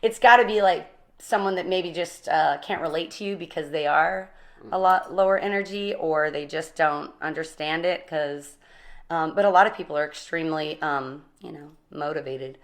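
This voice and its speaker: A woman in her forties, energetic and animated, telling her recovery story in a casual interview, often laughing. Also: sits low, moderate pace. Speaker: guest.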